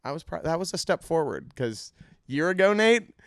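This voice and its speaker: A man's voice: a little high, very animated, moderate pace, dry recording, clean studio sound. A man co-hosting a podcast in casual chat, wry and teasing, rambling through his stories. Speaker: podcast co-host.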